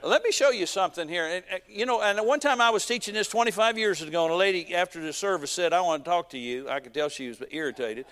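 A man's voice: high-pitched, animated, fast, few pauses, a bit bright, long reverb tail. A man preaching a sermon in a folksy, emphatic way, full of repetition and homespun humor.

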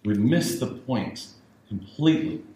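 A man's voice: lowish voice, animated, unhurried, warm tone. Man preaching in a very echoey church. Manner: emphatic preaching with repetition, rising to raised urgency. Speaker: pastor. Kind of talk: sermon. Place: church sanctuary. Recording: very echoey church with faint hiss.

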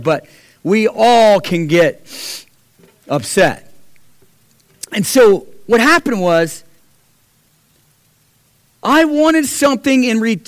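A middle-aged man telling a personal testimony to a church, animated, acting out the voices in his story and swinging from loud to hushed. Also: a little high, no echo. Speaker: church speaker sharing a testimony.

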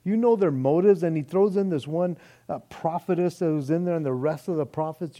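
A male pastor preaching a sermon in a lively, animated way, acting out quoted speech and often saying "man". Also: high-pitched, moderate pace, few pauses.

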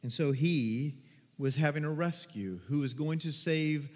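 A man preaching a sermon as a pastor, animated and dramatic, acting out excited crowd voices with loud whoops. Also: fairly high pitch, unhurried. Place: church sanctuary. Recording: long hall reverb.

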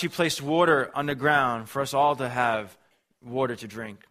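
Pastor, male, mid-pitched voice, earnest emphatic sermon delivery with repetition. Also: normal speed, bright, forceful tone.

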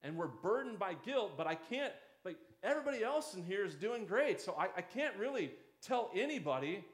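A male pastor delivers a sermon in a relaxed, talking-to-you way, now and then acting out the inner voices of struggling churchgoers. His voice sits fairly high for a man. The room adds a noticeable echo around him. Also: moderate pace.

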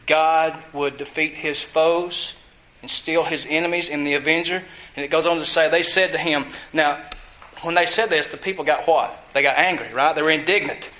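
A man preaching a sermon, teaching from scripture with emphasis and putting questions to his listeners, drawing some words out slowly for stress. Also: fairly high pitch, pushed and bright, poor audio. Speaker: pastor.

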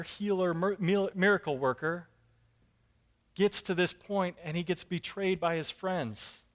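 A man preaching a sermon, telling a Bible story with lively acted-out voices and emphatic rises. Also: high-pitched. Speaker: pastor.

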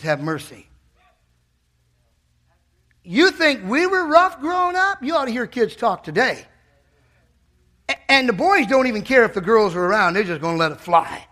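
In a church, a man delivers a fiery sermon in a voice that sits high for a man, bright and forceful. He moves from steady teaching into sudden loud, shouted bursts.

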